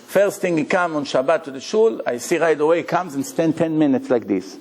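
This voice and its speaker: Animated rabbi giving a Torah lecture. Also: male voice, a little high, a little fast, slight background noise. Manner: animated storytelling with rhetorical questions; non-native English grammar.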